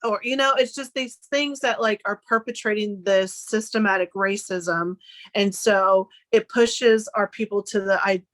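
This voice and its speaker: A woman's voice: medium pitch, steady tone, a little slow, a bit bright. A young woman from Arkansas, a podcast guest, speaking earnestly in a casual, conversational way. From Arkansas, United States. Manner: earnest, with frequent "like" and "um" fillers.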